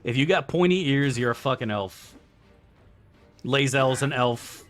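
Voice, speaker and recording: A man's voice: mid-range voice, measured pace, soft background music. A young man streaming a game live, casually and profanely bantering with his chat as he plays. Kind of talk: live gameplay commentary reading chat.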